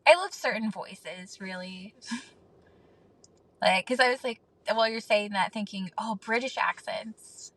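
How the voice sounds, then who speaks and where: A woman's voice: medium pitch, measured pace, a bit bright, poor audio. A woman co-hosting a podcast in casual chat, agreeing readily and giggling. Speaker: podcast co-host.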